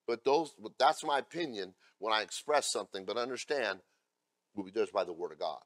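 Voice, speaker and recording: A male pastor delivering a sermon, moving between loud scripture readings and blunt asides to the congregation. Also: on the low side, a little fast, dry recording. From America. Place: church.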